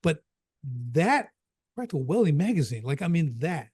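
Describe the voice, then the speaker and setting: A man's voice: a little high, very animated, normal speed, a little mellow, slightly rough, dry recording. Emphatic storytelling man, dry close sound. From Chicago area, USA. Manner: emphatic storyteller, repeats key phrases, says "right?" often. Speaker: business coach and guest. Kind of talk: casual podcast conversation.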